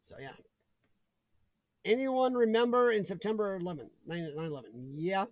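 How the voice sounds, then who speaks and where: A man with a rather high voice chats casually on his live stream from home. He rambles from topic to topic and greets viewers as he goes. The sound is dry and close, with little room around it. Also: sing-song, moderate pace, no room sound, muffled recording. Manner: rambling and chatty, reading out viewer comments. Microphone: desk mic.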